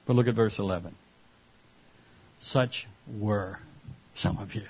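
A man's voice: on the low side, normal speed, long pauses, slightly rough, muffled recording. A man preaching a sermon to his congregation and closing in prayer, earnest and pleading, his voice rising and dropping. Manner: earnest, pleading, wide swings in loudness. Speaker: pastor. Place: church.

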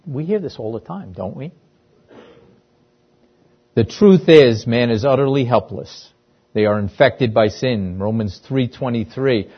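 A man's voice: medium pitch, expressive, a little slow, pauses often, husky. A man preaching a sermon, emphatic and repeating key phrases for weight. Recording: dull lo-fi sound.

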